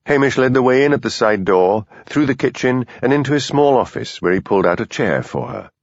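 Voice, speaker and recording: A man narrating an audiobook in a measured, expressive reading. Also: mid-range voice, dry recording. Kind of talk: scripted narration. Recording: dull lo-fi dry studio recording.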